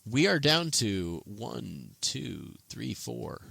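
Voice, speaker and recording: A man narrates a tabletop game as its game master, his voice rising and falling with lots of movement. The tone is bright and forward, recorded close and dry with no room sound. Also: mid-range voice, slow, vocal fry, husky, no room sound. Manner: animated, playful narration.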